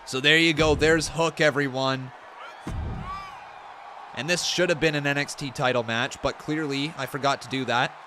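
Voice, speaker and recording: A young man casually commentating on a wrestling video game, excitable and jokey. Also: medium pitch, moderate pace, a crowd in the background, background noise. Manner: excitable, jokey, breaks into chants. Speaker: gaming streamer.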